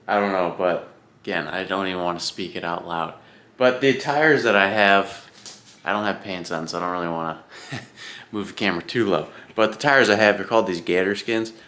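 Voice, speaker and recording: Low, bright-voiced young man ranting casually. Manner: chatty, swears freely, ranting. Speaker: vlogger training for an Ironman. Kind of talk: casual rambling vlog.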